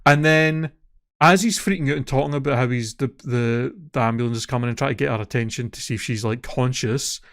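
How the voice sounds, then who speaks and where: A man's voice: mid-range voice, brisk. Sweary man telling a story. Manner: swears freely, gets loud and worked up retelling stories. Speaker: podcast co-host. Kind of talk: casual chat.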